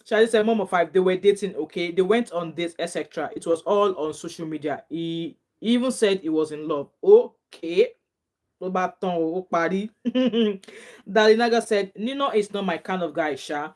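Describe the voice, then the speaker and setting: A woman's voice: on the low side, normal speed. A middle-aged woman with a Nigerian accent, chatting casually as a vlogger, reading out viewer comments and reacting with frequent laughter and bits of Pidgin. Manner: chatty and animated, laughs often, drops into Nigerian Pidgin phrases. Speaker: gossip vlogger.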